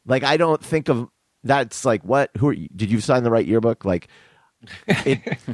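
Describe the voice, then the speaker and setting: Guy rambling on a podcast, mid pitch, kinda halting, dry audio. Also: expressive, no echo. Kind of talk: casual chat.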